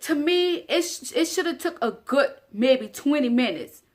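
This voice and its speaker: A woman's voice: sits high, expressive, measured pace. Earnest young woman telling her story. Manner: earnest, addresses viewers directly, repeats phrases for emphasis. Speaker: vlogger. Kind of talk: casual storytelling to camera.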